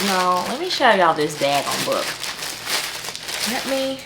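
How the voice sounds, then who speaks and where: A woman's voice: medium pitch, very animated, a little slow, pauses often, heavy background noise. A woman hosting a book vlog, chatting casually to camera with playful, exasperated humor and frequent laughter. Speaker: book vlogger host.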